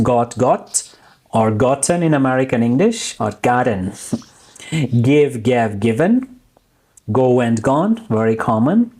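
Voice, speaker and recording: Man, English teacher, slow unhurried pace, repeats each form deliberately. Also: medium pitch, mellow. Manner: slow, deliberate drilling of verb forms with frequent repeats. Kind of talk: recorded English lesson.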